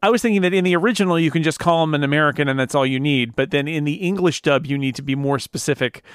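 A man's voice: fairly high pitch, quick pace, clear, resonant tone, dry recording. A man co-hosting a podcast, chatting casually about a film in a rambling, wry, self-correcting way on a close mic. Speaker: podcast co-host.

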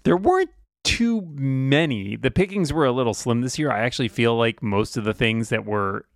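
A man's voice: medium pitch, lively intonation, moderate pace, vocal fry, no room sound, clean studio sound. A man co-hosting a podcast, chatting casually and jokingly about tech, often correcting himself mid-sentence. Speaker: podcast co-host. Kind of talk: casual chat.

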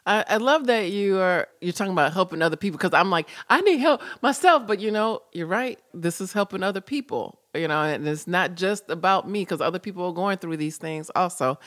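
A woman's voice: lowish voice, a little fast, few pauses, fairly bright tone. A woman hosting a podcast in casual chat, enthusiastic and exclamatory. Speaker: podcast host.

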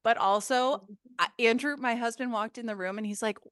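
A woman co-hosting a casual interview, talking in an excitable, gushing way. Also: fairly high pitch, fairly quick, clean tone, dry recording, clean studio sound. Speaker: podcast co-host.

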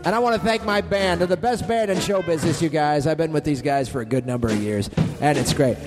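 A man's voice: on the high side, quick pace, over music, voice pushed down, close to an everyday voice. A man playing a crude, bullying lounge singer who curses at his band. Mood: smarmy. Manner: swearing, shouting at his band.

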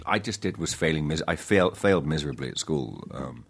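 A man, an actor, chatting in an interview, halting with many restarts and fillers, self-deprecating. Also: very deep voice, animated, creaky, breathy edge. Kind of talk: casual interview chat.

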